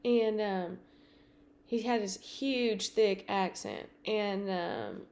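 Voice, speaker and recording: A woman podcast host telling a personal story in a casual, animated way, with many fillers and acted-out dialogue. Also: medium pitch, extremely slow.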